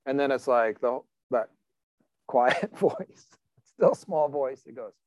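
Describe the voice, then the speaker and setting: A man's voice: mid-range voice, animated, slow, no echo. A man preaching a sermon as pastor in a conversational, emphatic way, asking the congregation questions.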